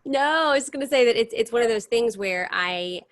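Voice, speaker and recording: A woman's voice: fairly high pitch, a little fast, dry recording. A woman in her thirties, a stage performer, chatting animatedly about her career in a casual interview over a video call. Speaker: guest performer.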